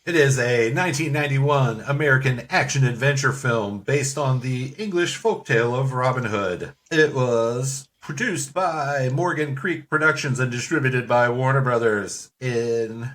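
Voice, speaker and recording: A man's voice: medium pitch, measured pace, few pauses, fairly bright tone. A man hosting a casual movie podcast, playful and leading the segments. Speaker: podcast host. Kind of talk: casual chat.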